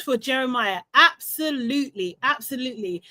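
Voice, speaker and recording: A young woman with a slightly high voice hosts a casual live stream, ranting with lots of energy, laughing and repeating herself as she gets worked up. She speaks close to a desk mic. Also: unhurried, fairly bright tone. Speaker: host of a live reality TV recap show.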